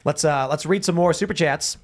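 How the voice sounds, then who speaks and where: A male talk show host with a somewhat high voice tells stories in a loose, animated way. He often stops and restarts his sentences mid-thought. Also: a little fast. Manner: animated storytelling with many restarts. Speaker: podcast host. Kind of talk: casual studio talk show.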